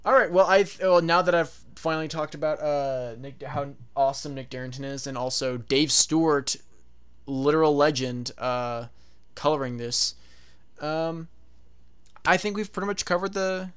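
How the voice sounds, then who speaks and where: A man with a slightly high, smooth voice talks in casual podcast banter. He is blunt and weary and swears freely. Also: moderate pace, a bit bright. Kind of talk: casual chat.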